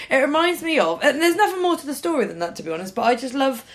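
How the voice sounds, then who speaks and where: A woman in her thirties tells a story on a podcast in a lively, chatty way. She swears freely and puts on voices for the people in her story. Her voice sits a little high. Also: fast. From Norfolk, England. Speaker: podcast co-host. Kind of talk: casual chat.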